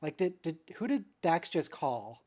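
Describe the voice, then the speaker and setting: Host of a group watch-along on voice chat, dry, sarcastic, mid-pitched. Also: very animated, a little slow, darkish tone.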